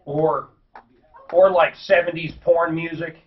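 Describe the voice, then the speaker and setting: A man's voice: on the high side, flat delivery, slow pace. A man co-hosting a radio show, joking and blunt in casual banter. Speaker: co-host. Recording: echoey, distant, muffled.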